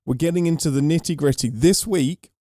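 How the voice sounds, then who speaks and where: A man's voice: fairly high pitch, a little fast, warm tone, no echo, clean studio sound. A man co-hosting a podcast in casual chat, joking and swearing, with a groggy morning voice. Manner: jokey, swears casually, mock-formal captain intro. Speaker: podcast co-host.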